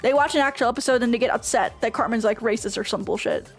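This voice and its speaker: A woman with a high-pitched voice talks through a casual streaming Q&A. She rants with passion and swears freely. Soft music plays faintly behind her. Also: fast. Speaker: VTuber streamer.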